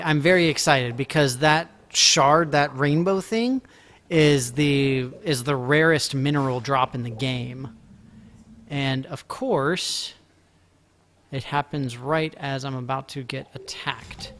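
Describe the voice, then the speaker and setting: A man streaming a farming game, chatting casually and playfully, teasing his viewers and breaking into excited outbursts. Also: medium pitch, a little slow, a little hiss or hum. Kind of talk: casual live-stream chat. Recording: faint music behind.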